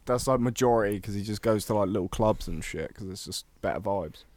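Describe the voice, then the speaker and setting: A man's voice: lowish voice, brisk, a little mellow. A young man, co-hosting a casual podcast, swearing freely and teasing his friend in rambling banter. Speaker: podcast co-host.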